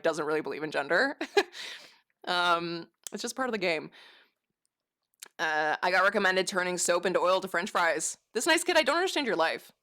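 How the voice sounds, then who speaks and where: A bubbly woman streamer chatting casually, her voice swinging widely in pitch as she giggles and reacts to chat. Her tone is bright and lively, and she swears freely. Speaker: livestreamer.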